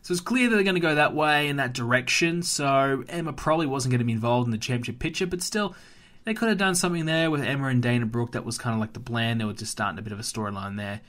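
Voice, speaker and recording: A man's voice: medium pitch, fast, fairly bright tone. A young Australian man hosting a solo wrestling podcast, ranting emphatically with plenty of fillers and restarts. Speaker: podcast host.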